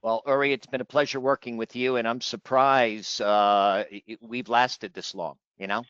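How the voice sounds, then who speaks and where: A man's voice: medium pitch, fairly even intonation, a little slow, fairly bright tone, smooth, no echo, muffled recording. A man hosting a webinar, chatty and joking, with lots of fillers, on a video call. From Florida. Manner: jokey, chatty, with many fillers. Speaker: webinar host.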